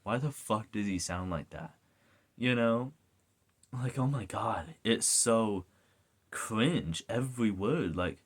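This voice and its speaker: A man's voice: on the low side, measured pace. A man giving a casual ranting video review, swearing often and going off on tangents. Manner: animated, swears a lot, goes off on rants.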